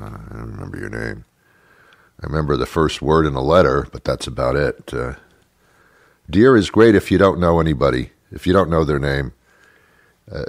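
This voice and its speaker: A man's voice: extremely low pitch, no echo, clean studio sound. A middle-aged male show host delivering a rambling, sardonic comedic rant, chuckling at his own jokes.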